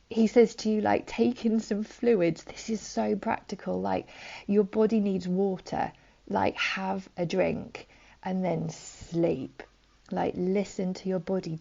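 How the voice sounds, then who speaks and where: Woman, gentle devotional talk; low, mellow, very gravelly; dull lo-fi recording. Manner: gentle, conversational, many fillers, drops to soft whispers. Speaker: preacher. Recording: dull lo-fi audio.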